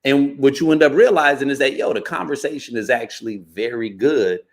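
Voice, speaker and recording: A man riffs in a loose, conversational podcast monologue, with a voice sitting at an ordinary middle pitch for a man. His talk is animated and blunt, full of slang, swearing and constant "you know" and "right?" check-ins. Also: a little fast. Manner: casual and profane, slangy. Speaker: podcast host. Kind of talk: casual podcast commentary.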